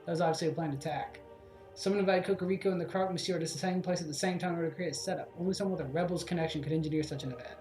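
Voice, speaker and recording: A man's voice: on the high side, steady tone, racing, a little mellow, soft background music, natural voice. A man voicing a confident, theatrical male bird lawyer laying out his deductions, in an echoey room.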